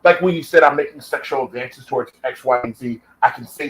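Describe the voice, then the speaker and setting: A man's voice: mid-range voice, a little fast, few pauses, fairly bright tone, poor audio. An American man delivering an angry, profanity-filled reaction rant at another commentator. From United States. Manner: heated, profane, combative. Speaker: YouTube commentator.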